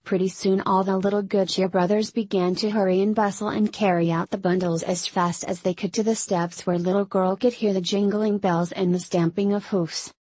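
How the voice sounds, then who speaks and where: A woman reading a children's story aloud in a gentle manner, speaking to her listeners as children. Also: medium pitch, steady tone, normal speed, hardly any pauses, husky, no room sound, rough recording. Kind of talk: read-aloud Christmas storytelling.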